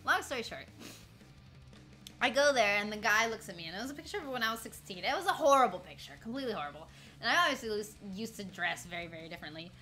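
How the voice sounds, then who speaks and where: A woman's voice: mid-range voice, sing-song, quick pace, pushed and bright, faint music behind. A woman in her twenties chatting casually with her stream viewers, rambling through stories, laughing often and greeting chat along the way. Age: 20s. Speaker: livestreamer.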